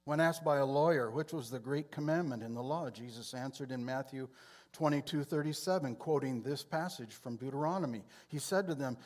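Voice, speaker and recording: A man teaching from the Bible in a sermon, speaking in a measured way and often clearing his throat. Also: mid-range voice, a little mellow.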